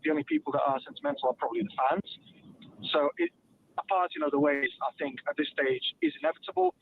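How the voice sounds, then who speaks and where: A man calls in to a radio show over a thin, tinny telephone line, with faint household noise behind him. He talks quickly, his pitch moving a lot, while keeping his points measured and matter-of-fact. His voice sits slightly higher than most men's. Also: huge pitch swings, vocal fry. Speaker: radio phone-in caller. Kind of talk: call-in opinion. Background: a toddler at home.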